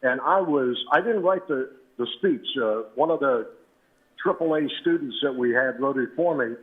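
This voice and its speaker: Man in his seventies, veteran radio announcer, relaxed and rambling, telling stories, tinny phone-line sound. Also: medium pitch, normal speed. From New Britain, Connecticut. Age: 70s. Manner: relaxed and anecdotal, with frequent "uh" and "you know". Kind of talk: reminiscing storytelling.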